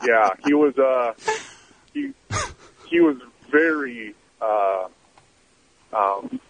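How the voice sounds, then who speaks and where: A man calling in to a radio show, a private investigator telling a story in a halting way with many fillers. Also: mid-range voice, animated. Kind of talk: phone-in storytelling. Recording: tinny phone line with faint noise.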